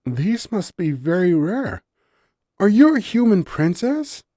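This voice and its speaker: A man's voice: high voice, very animated, slow pace, warm tone, no echo, studio quality, pitched above the performer's own voice, full character voice. A man voicing a curious, bubbly young female forest fawn spirit in an audiobook story, eager and wide-eyed. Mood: awestruck.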